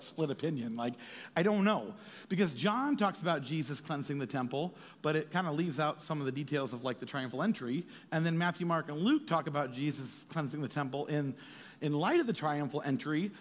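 A man preaching a sermon as pastor, animated and jokey, slipping into quick acted asides. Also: a little high. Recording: reverberant hall.

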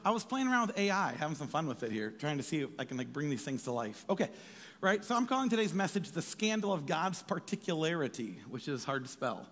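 A male pastor preaching in a lively, animated way, his voice swinging up and down. He sits a bit high for a man and acts out the voices in his text. The sound rings with a long echo, as in a big hall. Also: quick pace. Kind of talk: sermon.

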